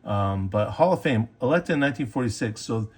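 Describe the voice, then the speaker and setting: A man's voice: medium pitch, lively intonation, fairly quick, husky. Chatty man showing off old baseball cards. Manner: chatty and enthusiastic, with fillers and self-corrections. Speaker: sports card collector and video host. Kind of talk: casual show-and-tell about collectibles.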